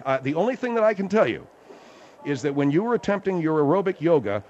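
A man's voice: on the high side, very animated, fast, darkish tone, slight background noise. A man hosting a comic radio talk show, blunt, bossy and exasperated. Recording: dull lo-fi radio recording.

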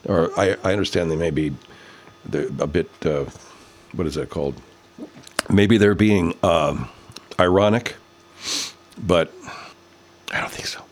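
A man casually commenting while watching football highlights, grumbling and cursing at the plays. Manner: profane, grumbling, reacts loudly to plays.

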